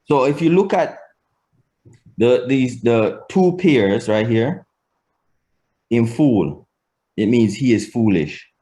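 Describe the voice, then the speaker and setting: A man teaching a language lesson, explaining slowly and deliberately, swinging his pitch to demonstrate. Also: dark tone.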